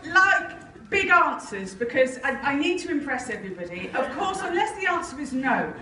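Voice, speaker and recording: Effusive female compère, high and lively voice, recorded from afar in a roomy hall. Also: normal speed, background noise. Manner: effusive, laughing, chatty. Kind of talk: live stage interview. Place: conference hall. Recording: roomy hall sound from a distance.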